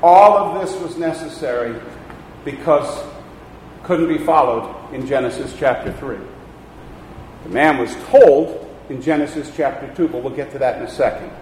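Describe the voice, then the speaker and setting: A man's voice: medium pitch, normal speed, darkish tone, a little hiss or hum. A man preaching a sermon as a pastor, telling folksy stories with emphatic delivery. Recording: echoey hall with long reverb.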